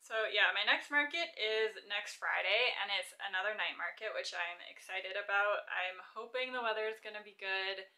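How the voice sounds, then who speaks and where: A woman's voice: medium pitch, normal speed, few pauses, pushed and bright. A young woman vlogging casually as she crochets, chatty and self-deprecating, laughing often and counting stitches under her breath.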